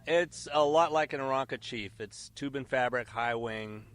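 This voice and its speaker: A man's voice: medium pitch, normal speed. A man, a pilot guest, explaining plane facts in a matter-of-fact way outdoors at a small airfield.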